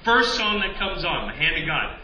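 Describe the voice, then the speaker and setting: A man in his forties from Long Island doing stand-up storytelling, animated and bursting into shouted song lines. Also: sits high, moderate pace, dull audio. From Long Island, New York. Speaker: stand-up comedian. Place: large theater stage. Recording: roomy theater sound from far off over loud crowd. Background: roaring audience laughter.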